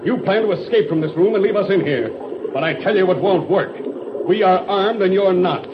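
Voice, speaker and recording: An actor playing a firm, heroic pilot who speaks in clipped commanding orders, in 1940s radio acting. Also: male voice, high-pitched, fairly quick, close to an everyday voice. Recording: lo-fi old radio recording, hiss.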